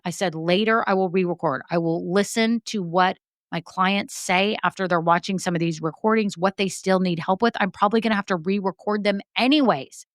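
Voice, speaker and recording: An energetic woman gives a solo motivational talk on her business podcast, pressing her points and saying them twice. Her voice sits at a middle pitch and sounds dry and close, with no room around it. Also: no echo. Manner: energetic, emphatic, repeats key points. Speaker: podcast host and business coach.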